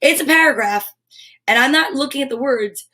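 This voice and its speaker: Bubbly high-voiced woman streaming live. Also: fairly quick. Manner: bubbly, animated, talks straight to viewers. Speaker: host of a live storytime show. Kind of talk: casual live-stream chat with viewers.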